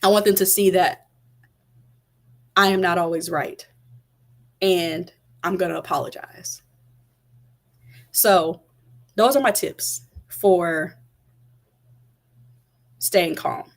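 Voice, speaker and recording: A woman's voice: lowish voice, slow pace, long pauses. A woman in her thirties, a mother of toddlers, giving casual parenting advice to viewers on a live stream in a direct, chatty way. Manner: chatty, direct, addresses viewers, many fillers like "like" and "right?".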